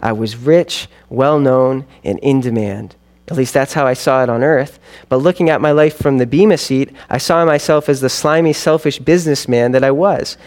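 A man's voice: mid-range voice, normal speed, a little mellow. Man, narrator, first-person dramatic storytelling, earnest, confessional.

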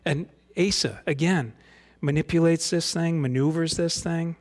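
A man's voice: a little high, steady tone, unhurried. A middle-aged man preaching a conversational sermon. He reads scripture aloud and speaks in an earnest, folksy way, with frequent rhetorical questions. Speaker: pastor.

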